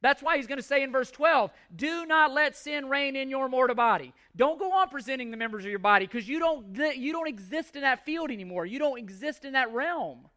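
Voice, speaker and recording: High-pitched, bright-voiced male preacher. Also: expressive, fairly quick, few pauses. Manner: emphatic preaching with repeated phrases and scripture readings. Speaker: pastor. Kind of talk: sermon.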